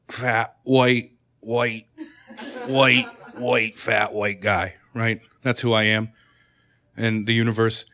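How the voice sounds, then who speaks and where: Self-mocking male stand-up comic. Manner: self-mocking, jumps into high-pitched excited outbursts. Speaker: stand-up comedian. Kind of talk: stand-up routine. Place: comedy club stage.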